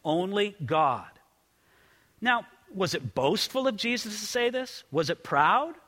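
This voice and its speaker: High, bright-voiced pastor in a hall. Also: male voice, animated, takes it slowly. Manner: earnest, repeats words when starting sentences. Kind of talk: sermon. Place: church sanctuary. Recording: long reverb of a large hall.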